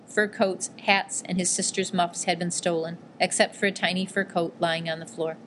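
A woman narrating an audiobook in a steady, measured reading. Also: fairly low pitch, a little hiss or hum.

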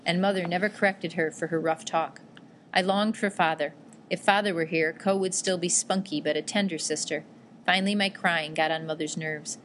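Lower-voiced woman reading a novel aloud. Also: normal speed, slight background noise. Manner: steady, even storytelling read. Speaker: audiobook narrator. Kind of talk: scripted narration.

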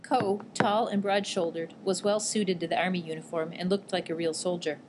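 A woman narrating a book aloud in a steady, even storytelling read. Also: lowish voice, normal speed, noisy background. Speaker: audiobook narrator. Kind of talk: scripted narration.

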